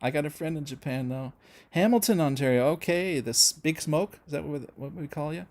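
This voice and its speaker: Here his voice sits on the higher side, a little mellow, and moves fairly quickly. He's a middle-aged Canadian running a casual music livestream, rambling through viewer comments with plenty of fillers and false starts.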